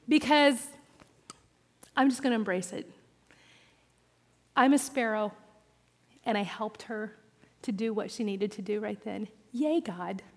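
A woman pastor preaching a sermon, personal and animated, with self-deprecating humor. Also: on the high side. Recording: reverberant hall.

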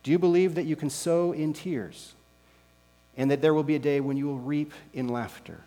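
A male pastor preaching a sermon with slow, emphatic rhetorical questions. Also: a little high, steady tone, warm tone. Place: church sanctuary. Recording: long reverb with mains hum.

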